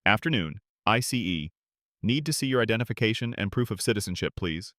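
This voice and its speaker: A man's voice: on the low side, animated, fairly quick, fairly bright tone, no room sound, studio quality. A man voicing a curt, hostile male federal immigration agent who talks in blunt commands. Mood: curt, commanding.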